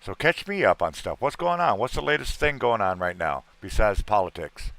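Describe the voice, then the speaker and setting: A middle-aged man hosting a livestream chat, his low voice rough and gravelly. He talks in a rambling, earnest way and circles back over the same point. The sound is close and dry. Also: lively intonation, normal speed, a bit bright, no room sound. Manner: rambling, earnest, repeats himself. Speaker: livestream host.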